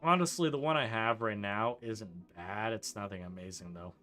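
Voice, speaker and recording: A man's voice: on the low side, moderate pace, pushed and bright, faint music behind. A young man from Canada chatting casually over gameplay, answering chat in a rambling way with lots of likes and ums and frequent chuckles. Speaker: streamer.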